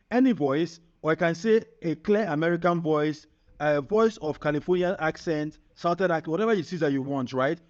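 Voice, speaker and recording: A man presenting a screen-recorded software tutorial, upbeat and chatty, often checking in with the viewer. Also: fairly high pitch. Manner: upbeat, chatty, keeps asking "right?". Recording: muffled lo-fi sound.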